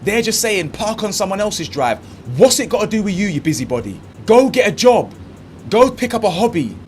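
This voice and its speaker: A man's voice: high-pitched, very animated, brisk, faint music behind. A man hosting his own commentary channel, ranting in a blunt, mocking, slangy way.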